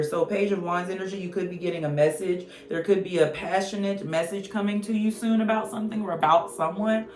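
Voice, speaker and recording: A woman giving a casual tarot reading, blunt, slangy and profane, joking as she goes. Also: lowish voice. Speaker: tarot reader. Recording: roomy echo with faint music.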